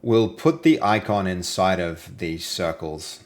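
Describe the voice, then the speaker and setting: An Australian man hosting a live game-development stream, chatting casually and playfully with viewers and sometimes trailing off into low mutters as he reads and works. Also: big pitch swings, takes it slowly. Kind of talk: casual live-stream chat while coding.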